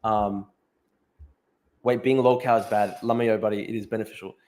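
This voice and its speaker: A man's voice: lowish voice, fairly even intonation, moderate pace, darkish tone. A young man hosting a casual livestream, reacting to posts and reading out chat questions with frequent laughter and swearing. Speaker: livestream host.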